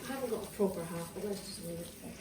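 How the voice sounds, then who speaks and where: A woman's voice: on the low side, very fast, background noise. A woman with a Scottish accent casually walks through a cooking demonstration in her home kitchen. She talks in a chatty, rambling way, with fillers and restarts. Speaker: wellness vlogger. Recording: roomy, distant, with clattering kitchenware. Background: clinks of dishes, cutlery and pans.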